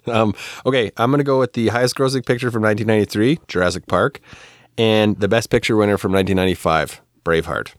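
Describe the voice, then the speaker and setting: A man hosts a casual podcast chat with a very low voice. He runs things with dry teasing. The sound is close and dry. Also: fast, no echo. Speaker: podcast host.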